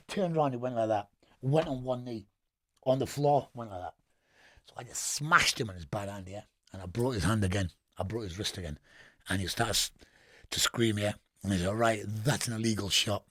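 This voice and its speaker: A man's voice: fairly low pitch, a bit bright, no room sound. A man with a Geordie accent telling prison stories as a podcast guest, blunt and full of swearing, laughing at his own tales. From England. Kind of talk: storytelling in casual interview.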